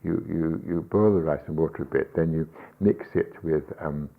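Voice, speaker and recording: A man's voice: extremely low pitch, moderate pace, vocal fry, narrow, tinny audio. An older man, a rabbi, being interviewed on the radio, telling anecdotes with chuckles and hesitant ums. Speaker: rabbi and guest.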